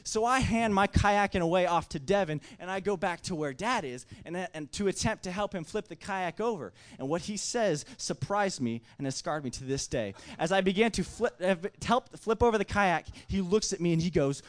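A man with a fairly high voice tells a family story at a microphone with lots of excitement. He surges loud, drops back, and trips over his own restarts as he goes. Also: normal speed, few pauses. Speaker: speaker telling a family story at a mic. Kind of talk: animated personal storytelling.

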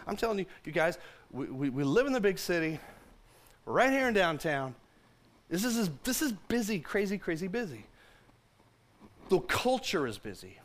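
Man in his fifties, pastor, high voice, chatty sermon, hushed to loud. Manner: conversational and jokey, shifting from hushed to loud.

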